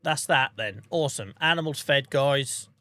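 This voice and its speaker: A man's voice: mid-range voice, animated, moderate pace, sharp tone, no echo. A man with a Norfolk accent, chatting casually to his viewers while playing a farming game on a stream. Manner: chatty, laid-back, talking to chat while playing. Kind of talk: casual gaming stream chat.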